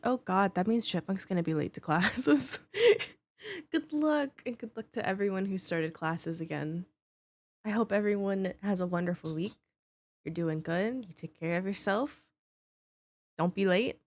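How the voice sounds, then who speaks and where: A woman with a mid-range voice streams games and chats casually with her viewers. She's bubbly, greets them by name, and swears offhandedly.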